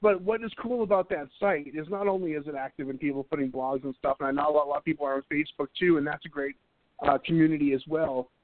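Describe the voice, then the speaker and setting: A man's voice: a little high, fast talker. A man hosting a live internet radio show, chatting casually and energetically with frequent restarts. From North Carolina. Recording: tinny phone-like line.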